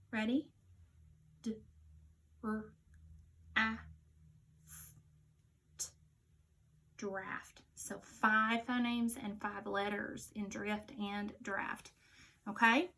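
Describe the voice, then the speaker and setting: A woman teaching a phonics lesson to young children, sounding out each letter slowly and clearly. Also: a little high, fairly bright tone, a little hiss or hum.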